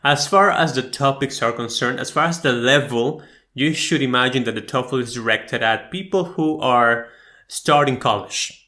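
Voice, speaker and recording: Man, test prep teacher, online lesson, mid pitch, step-by-step explaining, frequent "okay?". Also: moderate pace, sharp tone. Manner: explains step by step, often checks in with "okay?" and "right?".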